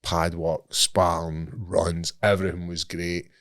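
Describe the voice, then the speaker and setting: A Scottish man in his thirties, co-hosting a podcast and telling a sweary, animated story in casual chat. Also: sits low, slow pace, dry recording, clean studio sound. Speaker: podcast co-host.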